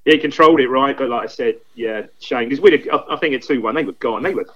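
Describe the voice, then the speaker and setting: A man in his fifties, a guest pundit in casual football chat, rambling and repeating himself as he recalls old matches. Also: medium pitch. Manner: rambling, repeats himself, quick enthusiastic recollection. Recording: dull lo-fi remote line.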